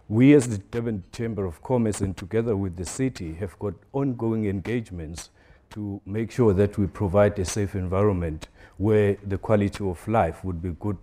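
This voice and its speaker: A man from a business chamber answering on a panel in a measured way, with many fillers. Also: fairly low pitch, mellow. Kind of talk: panel discussion.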